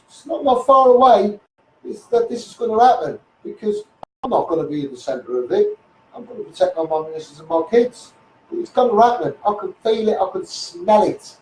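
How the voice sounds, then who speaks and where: A man's voice: high-pitched, a little mellow, roomy sound, distant mic, a little hiss or hum, rough recording. A man with a Scouse accent ranting heatedly into a live stream, repeating himself and swearing often. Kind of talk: impassioned Facebook live rant.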